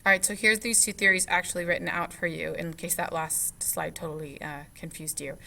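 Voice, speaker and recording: A young woman teacher narrates her lecture slides in a bright, clear voice that sits a little low in pitch. She talks casually, with plenty of ums and restarts, as if speaking straight to her students. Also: steady tone, a little fast. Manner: conversational, many fillers and restarts.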